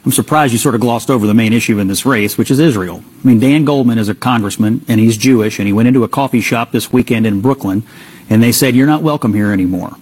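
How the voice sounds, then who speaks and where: A man as a guest commentator, making a forceful, indignant political argument. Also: medium pitch, quick pace, husky, low-quality recording.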